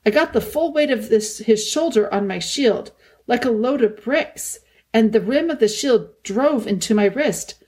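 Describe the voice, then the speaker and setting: A woman voicing a brave young king who speaks in a steady, clipped, understated way. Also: fairly high pitch, a little slow. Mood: grim. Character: young king Peter, brave and plain-spoken.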